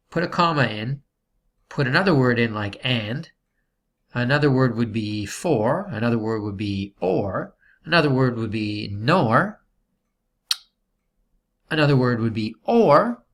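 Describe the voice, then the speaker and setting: A man's voice: medium pitch, expressive, measured pace, long pauses, fairly bright tone. A man teaching a writing lesson, explaining sentence types patiently and checking in with "okay". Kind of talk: classroom grammar lesson.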